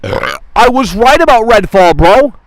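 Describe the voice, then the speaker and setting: A man with a high voice rants through a gaming livestream, swearing freely and mocking his chat as he goes. His voice is close and dry, with no room around it. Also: big pitch swings, takes it slowly, no echo, poor audio. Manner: profane, mocking, talks straight to chat. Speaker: streamer.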